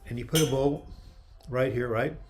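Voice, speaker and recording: Over a noisy background, this male livestream host speaks at a normal pace with fairly even intonation in a mid-range voice. Chatty and joking, he reads viewer comments aloud and answers questions on his webcam stream while losing his voice.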